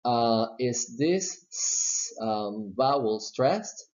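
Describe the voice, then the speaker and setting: A man's voice: mid-range voice, expressive, slow, darkish tone. A man teaching English pronunciation, explaining each step patiently and repeating model words. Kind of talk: slow step-by-step pronunciation lesson. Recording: slightly dull lo-fi recording.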